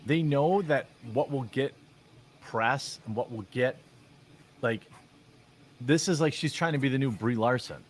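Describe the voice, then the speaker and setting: A man's voice: mid-range voice, a little hiss or hum. Sarcastic man ranting over clips. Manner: sarcastic, mocking, rambling with fillers. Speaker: commentary vlogger. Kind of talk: opinionated commentary on clips.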